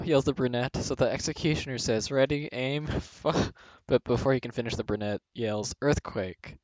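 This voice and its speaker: A man's voice: medium pitch, moderate pace, few pauses, no echo. A young man reading jokes aloud for a video, often breaking into laughter partway through a line. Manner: breaks into laughter mid-sentence. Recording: dull, dry home recording.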